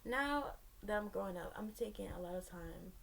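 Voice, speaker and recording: A woman's voice: medium pitch, lively intonation, moderate pace, creaky, a little hiss or hum. A young woman telling a personal story to her viewers in a candid, rambling way, with sassy asides. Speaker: vlogger.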